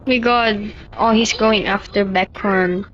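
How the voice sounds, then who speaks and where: A young woman giving excitable live commentary on her game, full of exclamations and complaints about lag. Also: medium pitch, takes it slowly. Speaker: gamer streaming her match. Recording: dull lo-fi recording with noise and clicks.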